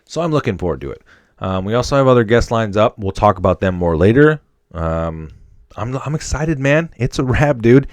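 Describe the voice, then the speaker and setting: A man in his thirties from Wisconsin, with a faint Upper Midwest accent, hosting a casual solo podcast in a slangy, excitable, chummy way. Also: fairly low pitch, normal speed, no echo. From Wisconsin, USA. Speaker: podcast host.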